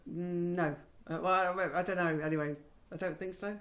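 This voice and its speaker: A woman's voice: fairly low pitch, fairly even intonation, normal speed. A woman, chatting in a down-to-earth, casual way. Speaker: vlogger's wife. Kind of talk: casual chat.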